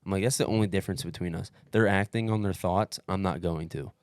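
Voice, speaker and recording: Fast and low-pitched with a clean tone, a man on a casual podcast relives his race, swearing freely and calling people dude and bro. He acts out quotes from others as he goes. The clean studio sound has no echo.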